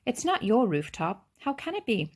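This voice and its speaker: A woman's voice: a little high, sing-song, moderate pace, pitched above the performer's own voice. A woman voicing a stubborn young girl who fires off raised, pressing questions. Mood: indignant.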